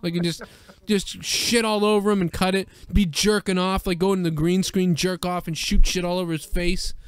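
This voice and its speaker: A man hosting a casual, profane wrestling chat, talking excitedly and laughing often. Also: high voice, brisk, clear, resonant tone, no echo. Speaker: podcast host.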